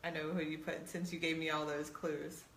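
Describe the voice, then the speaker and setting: A woman's voice: low voice, little pitch movement, moderate pace, a bit bright, echoey room, slight background noise. A middle-aged woman co-hosting a show, chatting casually and teasingly with her husband, laughing often. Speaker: podcast co-host. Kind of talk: casual chat with spouse.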